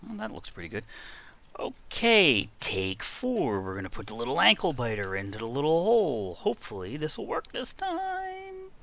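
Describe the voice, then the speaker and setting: A gravelly, bright, forceful mid-range voice with a sing-song lilt, at normal speed, belongs to a gaming video creator. He offers chatty, casual commentary as he plays, talking to himself and exclaiming frequently.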